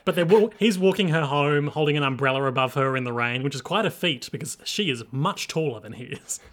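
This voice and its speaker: A man's voice: a little high, animated, fairly quick, fairly bright tone. Easygoing man recapping a story. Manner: easygoing, laughs readily. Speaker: podcast co-host. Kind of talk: casual chat, recapping a story.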